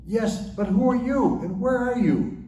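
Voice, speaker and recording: A man voicing a desperate man clinging to a cliff branch, yelling and pleading. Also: very high-pitched, unhurried, echoey room, far from the mic, slight background noise, voice pushed up, rough recording.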